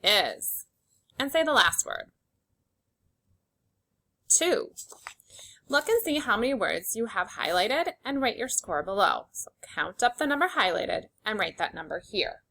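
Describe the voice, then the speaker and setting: A young adult woman teaching a phonics lesson to young children, sounding out each letter sound slowly and clearly and praising with upbeat encouragement. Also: medium pitch, very animated, pushed and bright.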